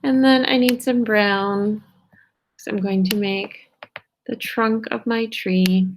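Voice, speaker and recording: Woman teacher, kindergarten phonics lesson; slow pace, draws out each sound, gentle check-ins. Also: medium pitch, steady tone, a little hiss or hum. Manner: stretches out sounds and words slowly, checks in with "okay?". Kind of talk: slow, patient phonics lesson for young children.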